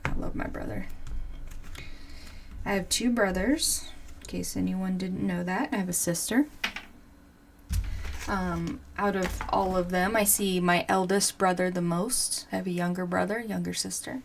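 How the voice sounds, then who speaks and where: A woman in her forties chats unhurriedly as she crafts on a livestream. She giggles often and answers viewers' comments. Her speech is slow and easygoing. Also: on the low side, steady tone, gravelly, slight background noise. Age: 40s. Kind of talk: casual chat while crafting.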